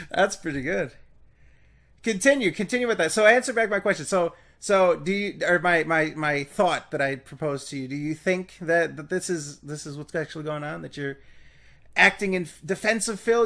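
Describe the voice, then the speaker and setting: A man's voice: high voice, fairly bright tone. A man in a casual argument, pressing his point insistently and teasing the other man.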